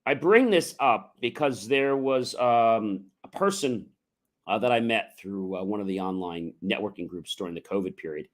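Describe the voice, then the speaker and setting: A man's voice: on the low side, lively intonation, moderate pace. Earnest man giving a motivational talk. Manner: earnest, conversational, with frequent fillers and loud emphatic rises. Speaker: entrepreneur podcast host.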